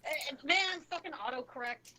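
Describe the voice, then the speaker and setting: A woman's voice: high-pitched, normal speed, sharp tone, low-quality recording. A woman chatting casually with friends, retelling stories animatedly and swearing freely. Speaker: group member. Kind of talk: casual chat, storytelling.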